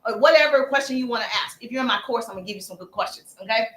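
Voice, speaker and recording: A woman hosts a casual live stream with sales tips, her voice high and bright. She chats with viewers, calls them baby and acts out sample messages. The room gives back a noticeable echo. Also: very fast. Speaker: livestream host and sales coach. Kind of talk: casual livestream coaching.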